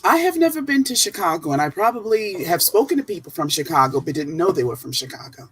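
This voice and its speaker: Low, husky New woman. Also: quick pace, dry recording. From New Jersey. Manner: animated, laughs often. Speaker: guest writer. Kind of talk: casual livestream chat.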